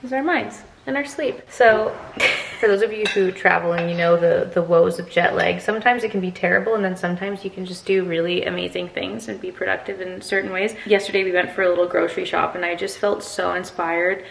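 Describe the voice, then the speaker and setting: A woman's voice: lowish voice, steady tone, brisk, gravelly, reverberant. A young English woman, jet-lagged, chatting casually to the camera at home in a rambling way, full of tangents. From England. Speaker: vlogger. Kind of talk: casual morning chat to camera.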